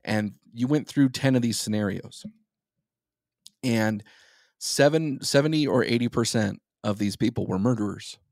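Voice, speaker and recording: A man's voice: medium pitch, normal speed, vocal fry, a little mellow, no room sound, studio quality. A man co-hosting a podcast, giving thoughtful, opinionated explanations in casual chat. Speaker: podcast co-host.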